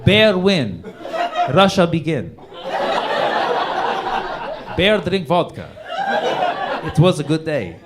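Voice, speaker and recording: A comedian voicing a grandiose leader telling a tale in clipped broken English. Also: male voice, fairly high pitch, sing-song, slow pace, long pauses, heavy background noise.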